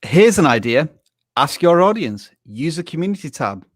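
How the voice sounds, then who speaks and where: A man's voice: fairly high pitch, big pitch swings, moderate pace, no echo, clean studio sound. A man from Yorkshire with a Yorkshire English accent, co-hosting a live Q&A chat in a frank, opinionated way. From Yorkshire, England. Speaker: co-host.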